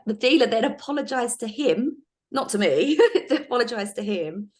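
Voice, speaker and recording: A middle-aged woman in a podcast interview, telling anecdotes in a lively casual way with frequent laughs and fillers. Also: on the high side, moderate pace. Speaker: guest, former undercover police officer.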